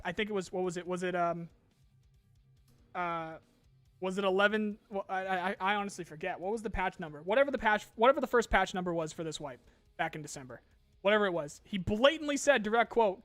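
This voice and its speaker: A man's voice: high voice, moderate pace, a bit bright, no room sound, faint music behind. A young adult man hosting a gaming podcast in casual chat, ranting with lots of swearing and restarts.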